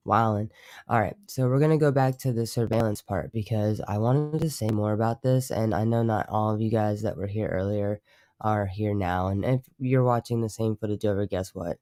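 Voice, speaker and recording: A man hosts a live stream, speaking at a moderate pace in a fairly low, dark voice. His talk is casual, rambling, and profane, full of self-interruptions, captured in a dry, clean studio recording.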